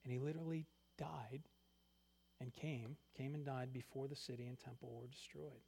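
A man preaching a sermon, reading scripture aloud and swinging between loud emphatic lines and quiet asides. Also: mid-range voice, fairly even intonation, moderate pace, vocal fry, slightly rough. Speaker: pastor.

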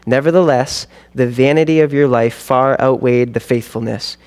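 A man's voice: medium pitch, moderate pace, a little mellow, natural voice. A man voicing Jesus, solemn and grave. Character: Jesus, solemn grave male divine judge.

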